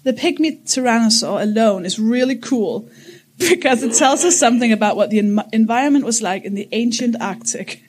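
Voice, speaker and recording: A woman's voice: on the high side, lively intonation, moderate pace, a little mellow, slight background noise. A woman in her thirties co-hosting a casual chat podcast, rambling and giggling as she explains things. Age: 30s. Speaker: podcast co-host.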